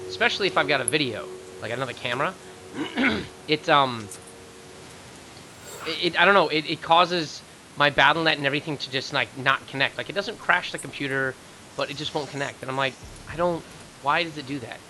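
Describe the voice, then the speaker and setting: A man casting a live video game match, getting loud and fast during fights. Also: rough recording. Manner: excitable, rising to high-pitched rapid calls in fights. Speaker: esports caster. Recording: faint background noise.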